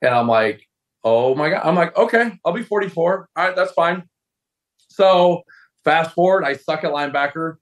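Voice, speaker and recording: A man in his forties talks as a guest on a talk show, telling a long anecdote. His voice sits a little high for a man, and he acts out other people's lines with lively jumps in pitch. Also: normal speed. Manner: animated storyteller, acts out voices of coaches. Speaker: guest, former football tight end. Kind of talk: casual storytelling interview.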